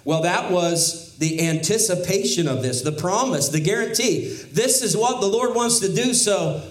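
A man's voice: sits high, animated, moderate pace, reverberant, rough recording. A man preaching an expository sermon, teaching in a conversational way with wry asides and emphatic rises in his voice. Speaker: pastor.

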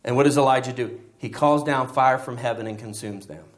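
A man preaching a sermon, reading scripture aloud and explaining it with lively rhetorical questions. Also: medium pitch, fairly quick. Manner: animated Bible teaching with rhetorical questions.

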